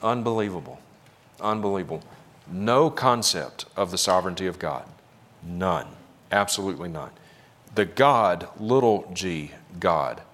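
A man's voice: low-pitched, fairly bright tone. A man preaching a sermon, commenting on clips with sarcastic, critical emphasis. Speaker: pastor.

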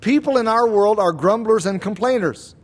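High-voiced male pastor preaching. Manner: measured teaching delivery, slowing for emphasis. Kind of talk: sermon.

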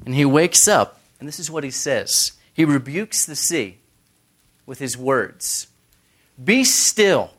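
A man's voice: medium pitch, unhurried. A man teaching a Bible study in a conversational sermon style, making joking asides and quoting scripture.

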